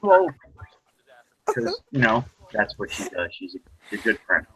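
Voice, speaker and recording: A man's voice: lowish voice, sing-song, measured pace, a bit bright, breathy edge, rough recording. A man hosting an online voice chat, talking earnestly and steering the talk back on topic. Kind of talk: casual discussion.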